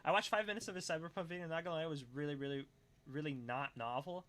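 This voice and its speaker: A man's voice: fairly high pitch, racing, a bit bright. A young man chatting casually on a livestream, reading chat, swearing freely and laughing often as he rambles.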